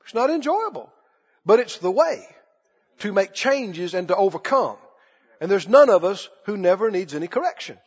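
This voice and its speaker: High husky-voiced preacher in echoing hall. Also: male voice, sing-song, normal speed. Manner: emphatic, repeats phrases, calls for congregation response. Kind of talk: sermon. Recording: dull lo-fi with long hall reverb.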